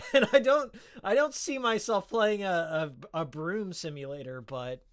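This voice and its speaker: A man's voice: high voice, a little slow, clean tone. A man streaming live and chatting casually about games with his viewers, rambling with many fillers, restarts and repeated words. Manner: chats with viewers reading the chat.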